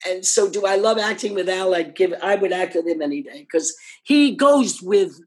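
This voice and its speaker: An older actress telling anecdotes in an interview, animated and laughing often as she acts out what others said. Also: medium pitch, moderate pace, husky.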